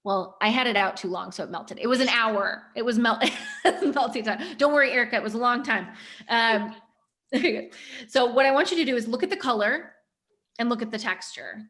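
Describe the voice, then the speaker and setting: Bright-voiced woman guiding a ritual. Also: fairly high pitch, brisk. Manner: gently guiding, playful. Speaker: workshop host. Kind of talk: guided mindful-eating ritual.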